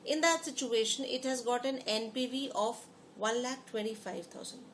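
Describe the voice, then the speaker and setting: A woman gives a lecture to her class in a slightly high voice. She repeats key phrases and keeps asking the students questions. A faint hiss sits under the recording. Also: normal speed. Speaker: teacher.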